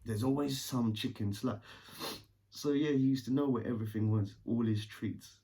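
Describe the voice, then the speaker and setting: A man's voice: medium pitch, fairly even intonation, moderate pace, mellow, far from the mic. A man tells a personal story in a candid, rambling way and swears casually.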